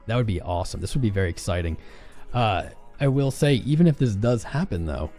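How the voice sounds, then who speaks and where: A man's voice: fairly low pitch, animated, brisk, warm tone, soft background music. A man hosting a casual crypto trading livestream, laid-back and greeting viewers in chat by name.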